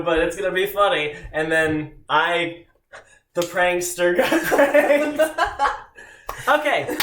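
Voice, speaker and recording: A man's voice: high-pitched, fairly bright tone. A man chatting casually on a live stream from his home kitchen, joking and laughing often. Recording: echoey room with background noise.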